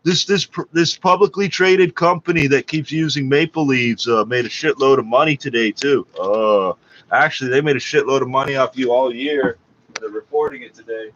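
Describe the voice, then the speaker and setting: Reacting to local radio on his podcast, a man from Canada rants with fury and sarcasm, cursing constantly as he ridicules the broadcast. He speaks at normal speed in a medium-pitched, fairly bright voice, captured in a dull lo-fi recording.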